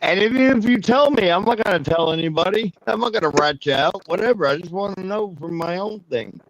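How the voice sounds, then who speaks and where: A man telling a crude story in casual chat, with deadpan jokes and a lot of swearing. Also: high-pitched, a little fast, background noise. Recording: dry dull lo-fi audio.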